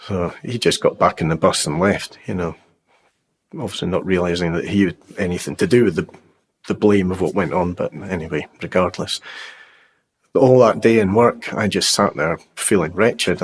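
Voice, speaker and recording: A man sharing a personal faith testimony in a reflective storytelling way, often pausing on fillers like "you know" and "um". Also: deep voice, breathy edge.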